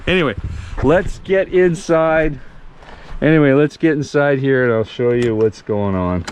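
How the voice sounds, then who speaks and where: Inside his motorhome, an RV vlogger gives viewers a casual walkthrough, chatting, mocking himself and laughing a lot. His mid-range voice is expressive, his pace moderate, and there's a little hiss or hum.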